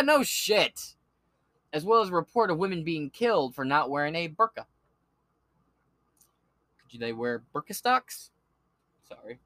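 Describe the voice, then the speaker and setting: A male podcast host reads the news aloud, then breaks into sarcastic rants of profane political commentary, swearing often and shouting in bursts. His voice is a little high, with no echo.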